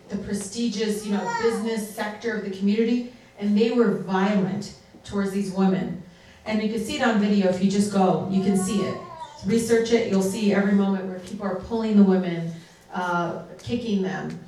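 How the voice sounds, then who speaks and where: A woman whose first language is Arabic, speaking as a guest at a fundraiser in a large hall. She tells stories in an animated way and slips into Arabic now and then. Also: mid-range voice. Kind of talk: storytelling speech at a fundraiser. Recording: echoey hall from far off.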